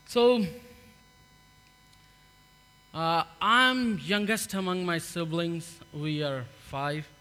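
Man, Pakistani accent, church testimony, slow and halting, long hall reverb, mains hum. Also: a little high, pushed and bright, clear, resonant tone. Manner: earnest, halting, with many fillers. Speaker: refugee giving testimony in church.

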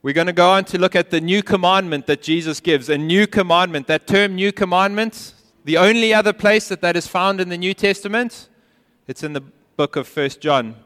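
A man preaching a sermon as pastor, earnest and emphatic, sometimes dropping to a quiet intensity. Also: sits high, moderate pace. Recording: long hall reverb.

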